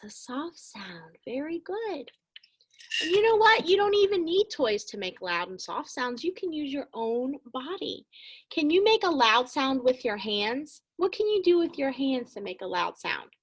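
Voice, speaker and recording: A woman teaching young children a phonics lesson, speaking slowly and encouragingly and calling them friends. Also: sits high, sing-song.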